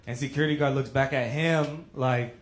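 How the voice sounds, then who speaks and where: A man with an average-pitched voice tells a laid-back stand-up story. His voice rings in an echoey room over a steady hiss. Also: normal speed. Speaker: stand-up comedian.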